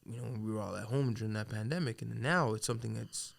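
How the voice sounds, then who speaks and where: A man as a podcast guest, talking in a relaxed, reflective way and laughing often. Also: on the low side, fast, gravelly. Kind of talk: casual chat.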